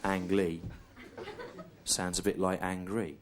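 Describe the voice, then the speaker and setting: Deadpan low-voiced male comedian. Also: slight background noise. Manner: deadpan, slow, repetitive. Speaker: stand-up comedian. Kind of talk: stand-up storytelling. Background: audience laughter.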